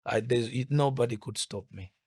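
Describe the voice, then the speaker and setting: A man's voice: mid-range voice, normal speed, darkish tone, breathy edge, no echo, clean studio sound. A middle-aged man from Uganda, a musician guest telling his story in an interview, reflective and prone to restarting his sentences. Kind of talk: casual interview chat.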